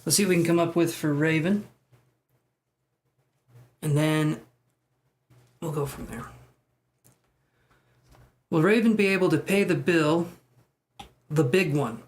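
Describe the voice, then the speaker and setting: A man's voice: on the high side, slow pace, pauses often. A man giving tarot readings on a live stream, chatty and self-deprecating as he talks to viewers. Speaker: tarot reader.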